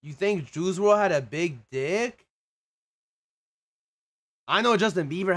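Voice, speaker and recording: A young man of Mexican heritage chatting profanely with his livestream viewers, excitable and prone to sudden shouts and laughter. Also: sits high, takes it slowly, pauses often. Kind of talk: casual livestream chat with viewers.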